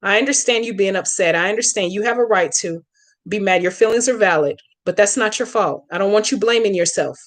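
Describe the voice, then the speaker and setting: A woman's voice: mid-range voice, a little fast. A woman hosting a live stream, chatting casually with viewers by name and talking back to their comments in a blunt, profane, outspoken way.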